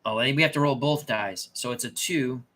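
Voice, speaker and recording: A man with a mid-range voice speaks at a moderate pace in a sharp tone. He's a tabletop game player and channel host, casually thinking aloud during a dice game, often muttering and correcting himself.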